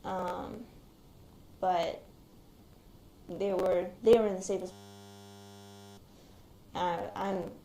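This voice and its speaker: A young woman, an active military member, recounts surviving a shooting in a hesitant, reflective, quiet-spoken way. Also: on the low side, steady tone, drawn-out words, pauses often. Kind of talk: recounting a personal experience in an interview. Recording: roomy recording with faint background noise.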